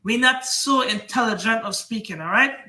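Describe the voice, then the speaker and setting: A man's voice: extremely high pitch, moderate pace, pushed and bright, echoey room. A man with a Trinidadian accent, a comic book seller giving a rambling, heated, repetitive defense of himself on his livestream.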